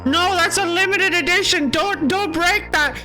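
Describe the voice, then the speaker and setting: A woman voicing a pompous otherworldly male visitor in a high, theatrical tone. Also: normal speed, sharp tone, soft background music. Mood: dramatic.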